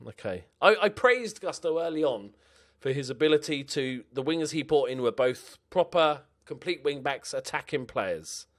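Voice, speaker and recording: A young man giving casual, animated commentary on his own game play, muttering to himself and swearing now and then. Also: on the high side, moderate pace, few pauses. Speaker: gaming commentator.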